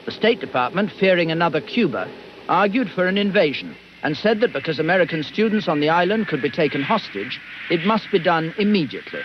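A man narrates a documentary in a scripted, lively way, his voice sitting a little high. The archive audio is muffled, with a faint hiss. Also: brisk.

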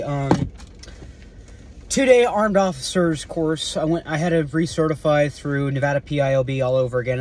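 A man with a slightly high voice rambles through a self-filmed vlog, full of fillers, restarts and offhand cursing. Faint vehicle hum sits behind him as he films himself around his car. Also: a little mellow. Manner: rambling, swears casually, many fillers and restarts. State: eating while talking. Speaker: security guard vlogger.

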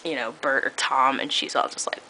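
A woman's voice: rumbling low, normal speed, pushed and bright, a little hiss or hum, poor audio. A young woman vlogging into a webcam, talking casually and sarcastically, with lots of fillers and laughs. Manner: chatty, filler-heavy, laughs often, sarcastic. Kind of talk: casual vlog rant.

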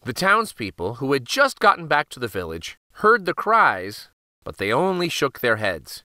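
A man reading a fable aloud for children, expressive and animated. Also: mid-range voice, moderate pace, no room sound, studio quality. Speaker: children's storyteller. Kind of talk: read-aloud for kids.

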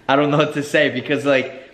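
A man's voice: a little high, a bit bright. Frustrated young man in echoey room. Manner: blunt, frustrated, heavy swearing. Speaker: friend of the host. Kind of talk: casual vlog chat.

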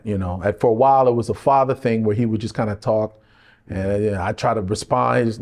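A man's voice: medium pitch, quick pace. A middle-aged man, an actor in a candid interview, telling stories and acting out other people's lines, laughing often. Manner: animated, acts out quoted voices, laughs often. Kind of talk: candid conversational storytelling.

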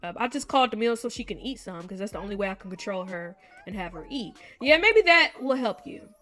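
A woman hosting a gaming video, chatting casually to viewers and reading game text aloud in an expressive way. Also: fairly high pitch, fairly quick, faint music behind. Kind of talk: casual let's-play commentary to viewers.

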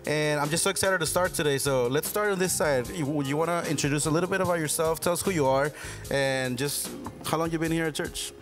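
A man's voice: a little high, brisk, soft background music. A man hosting a church discussion show, upbeat and enthusiastic, welcoming his guests. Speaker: host.

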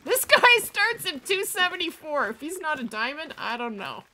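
An upbeat woman chats through a live game stream, thanking viewers by name and laughing easily. Her voice sits fairly high and bright, with a lively, swinging pitch. A faint hiss runs under the recording. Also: moderate pace. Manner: chatty, reads and thanks viewers. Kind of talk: live gameplay stream chat.

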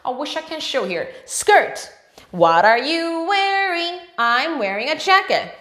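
A woman teaching English to young children, animated, with gasps and slow repetition. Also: high-pitched. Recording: echoey room.

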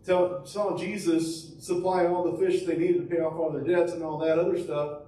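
A man's voice: a little high, little pitch movement, normal speed, warm tone, slight background noise. Man preaching, conversational sermon, echoey room, distant mic, faint ambience. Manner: conversational storytelling with many fillers and rhetorical questions. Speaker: pastor.

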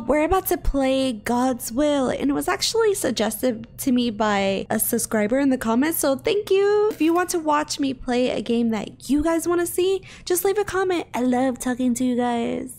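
A young woman hosting a gaming channel, giving excitable gameplay commentary with frequent squeals and gasps over game music. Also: high-pitched. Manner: squeals, gasps and laughs often.

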